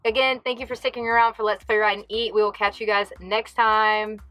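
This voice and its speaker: A woman's voice: mid-range voice, a little fast. A woman hosting a cooking vlog from a small camper van kitchen, talking to viewers in a playful, exclamatory way. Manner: excitable, playful, exclamatory, addresses viewers directly. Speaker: cooking vlogger. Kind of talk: casual cooking demonstration.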